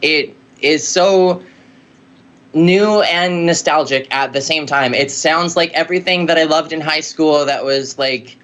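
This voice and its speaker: A woman musician telling stories in a casual interview, rambling and lively with lots of filler words. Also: low-pitched, unhurried. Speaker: musician guest.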